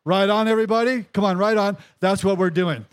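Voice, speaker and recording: A man's voice: sits high, steady tone, brisk. A male pastor preaching a sermon to his congregation, emphatic and repetitive, calling out to the crowd for responses. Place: church service in a tent.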